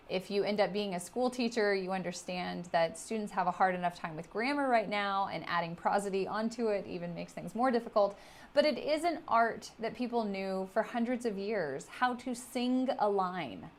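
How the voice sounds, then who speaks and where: A middle-aged woman lecturing on an old poem, her voice sitting in an ordinary middle register. She explains things patiently and stresses key terms as she walks through them. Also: medium pitch. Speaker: literature lecturer. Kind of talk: recorded lecture.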